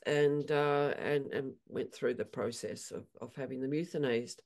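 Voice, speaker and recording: A woman equine therapist telling animated stories in an interview, acting out her horses' voices. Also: very deep voice, moderate pace, few pauses. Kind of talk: storytelling in an interview.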